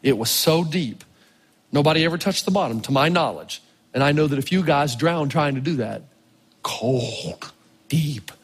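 Animated pastor, husky and high. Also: male voice, normal speed. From Tennessee. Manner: animated, swings from low murmurs to loud exclamations. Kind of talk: storytelling sermon. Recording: long reverb of a large hall.

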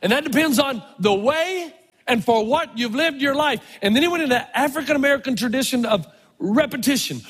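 A middle-aged man preaching a storytelling sermon as a pastor, animated, dropping to a hush and then rising loud for emphasis. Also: very high-pitched, brisk, slightly rough. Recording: long reverb in a large hall.

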